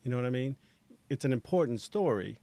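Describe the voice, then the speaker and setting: A man's voice: mid-range voice, lively intonation, brisk, warm tone. Thoughtful man making a point. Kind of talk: casual chat.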